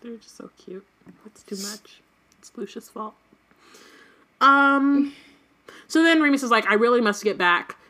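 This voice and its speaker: A woman's voice: a little high, unhurried, pauses often, pushed and bright. A woman co-hosting a casual book podcast, reading passages aloud and laughing often. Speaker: podcast co-host. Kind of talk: casual book-discussion chat.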